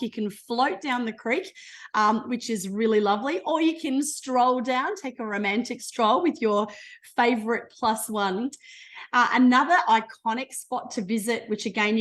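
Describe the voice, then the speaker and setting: An enthusiastic Australian woman presenting a trip over slides on a video call, bubbly and chatty. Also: medium pitch. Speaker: travel promoter.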